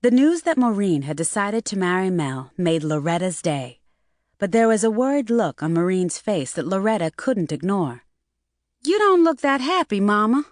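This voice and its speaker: A woman narrating an audiobook in a steady, even reading voice. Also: lowish voice, moderate pace, dry recording, clean studio sound. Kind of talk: scripted narration.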